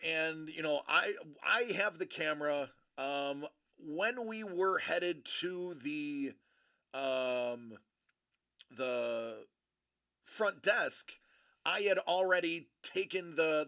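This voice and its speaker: Gravelly, bright-voiced man telling a story. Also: on the high side. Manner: rambling, chatty, self-correcting. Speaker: livestream host. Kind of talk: casual storytelling on a livestream. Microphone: streaming microphone.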